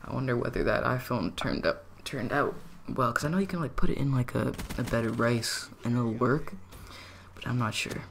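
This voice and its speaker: A young man telling a story in a casual, rambling vlog, full of "like" and "dude" and growing excited. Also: mid-range voice, moderate pace, vocal fry, a little hiss or hum.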